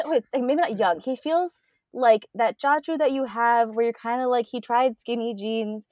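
Twenties woman guest, chatty and giggly, bit high-pitched, very dry recording. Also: moderate pace, darkish tone, no room sound. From United States. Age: 20s. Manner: chatty, laughs often, lots of "like" fillers. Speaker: podcast guest. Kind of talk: casual chat.

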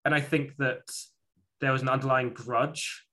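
Man, bright tense tone, casual chat co-host, rambling anecdote delivery with restarts. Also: medium pitch, flat delivery, normal speed. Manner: rambling storytelling with many restarts and fillers. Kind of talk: casual conversation.

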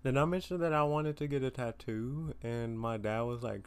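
A man's voice: medium pitch, moderate pace, a little mellow, clean tone. A teenage young man hosting his own podcast, talking casually and tiredly, rambling with lots of fillers and self-deprecating asides. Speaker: podcast host. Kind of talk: casual solo chat.

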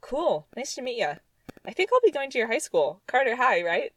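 A woman's voice: a little high, big pitch swings, moderate pace, dry recording, pitched above the performer's own voice. A woman voicing a breezy, casual teenage girl.

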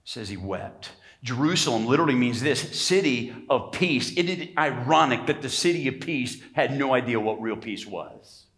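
A man's voice: mid-range voice, expressive, moderate pace, few pauses. A male pastor preaching a sermon emphatically, calling for amens from the congregation. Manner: emphatic preaching, calls for amens, rising to shouts. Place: church sanctuary.

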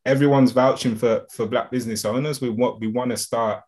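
A man's voice: medium pitch, fairly even intonation, fairly quick, darkish tone. A man hosting a podcast interview, supportive and affirming toward his guest. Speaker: podcast host. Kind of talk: interview conversation.

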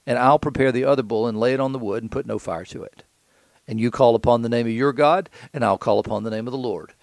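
Man, preacher, gravelly voice, dry close sound, casual asides while reading scripture. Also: medium pitch, fast, a little mellow, dry recording. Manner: casual asides and rhetorical questions. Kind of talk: scripture reading with conversational commentary.

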